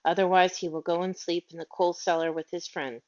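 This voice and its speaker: A woman voicing a prim, self-assured nanny who speaks crisply and matter-of-factly, in a storybook reading. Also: lowish voice, level tone, fairly quick, a little mellow, natural voice. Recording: dull lo-fi audio.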